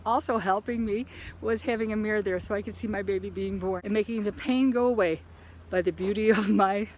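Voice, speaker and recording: A middle-aged woman, a mother of four, giving a short, measured account of childbirth. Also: medium pitch, steady tone, slight background noise, low-quality recording. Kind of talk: brief prepared testimony.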